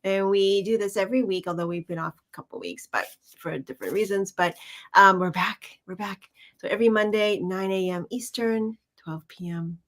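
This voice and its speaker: A woman's voice: medium pitch, moderate pace. A woman co-hosting a weekly card reading live stream, chatting casually and laughing easily.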